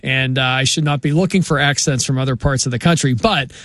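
A man hosting a sports radio show, wrapping up in a steady, measured way with small pauses. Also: medium pitch, dry recording. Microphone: studio mic.

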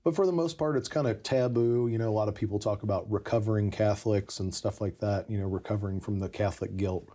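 Guy telling his story, kinda low husky voice, mellow, says you know a lot. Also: quick pace, hardly any pauses. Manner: earnest, reflective, with frequent "you know". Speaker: podcast guest telling his conversion story. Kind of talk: casual storytelling conversation.

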